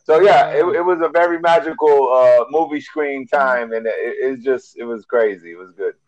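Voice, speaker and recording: A man's voice: mid-range voice, normal speed, a little mellow, muffled recording. A man with a Miami accent, a podcast host rambling through a story in casual group chat with lots of restarts.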